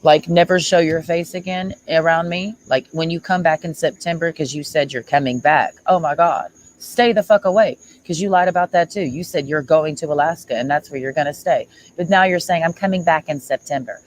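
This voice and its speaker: A woman's voice: deep voice, fairly quick, few pauses, slight background noise, rough recording. A woman streamer ranting at someone in a sarcastic, mocking and confrontational way. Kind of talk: livestream rant.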